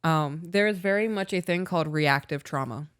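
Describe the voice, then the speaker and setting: A woman's voice: low voice, normal speed, clean tone, dry recording, studio quality. A woman co-hosting a podcast, talking openly and emotionally about her relationship in casual chat, swearing freely. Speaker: podcast co-host.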